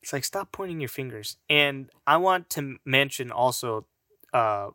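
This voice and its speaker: A man's voice: medium pitch, lively intonation, normal speed, pushed and bright, no echo, studio quality. A man of Mexican heritage rambling through a casual, profane monologue, often laughing at his own jokes.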